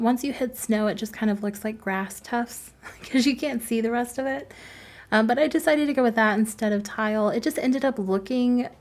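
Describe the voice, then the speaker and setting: A woman's voice: fairly high pitch, a little mellow. A woman talking casually over her own game-building footage, chatty and self-deprecating, laughing often between thoughts. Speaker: game build video creator.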